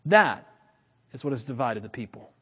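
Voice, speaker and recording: A man preaching a sermon, animated, chuckling and repeating lines for emphasis. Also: mid-range voice, normal speed, husky. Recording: long reverb of a large hall.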